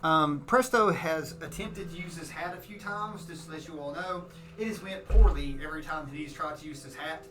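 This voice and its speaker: A man's voice: a little high, normal speed, hardly any pauses. A man narrating a tabletop game as game master, in a rambling way full of restarts. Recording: roomy, from far off. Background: music.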